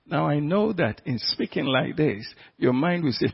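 A man's voice: a little high, lively intonation, normal speed, vocal fry, hardly any pauses, breathy edge, rough recording. A man preaching a sermon as pastor, pressing the congregation with repeated questions.

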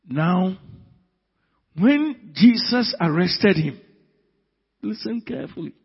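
A male preacher delivers a dramatic sermon, bursting into loud emphatic peaks. His voice sits a touch high and comes across husky and unhurried. The sound is dull and carries a long hall reverb. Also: sing-song.

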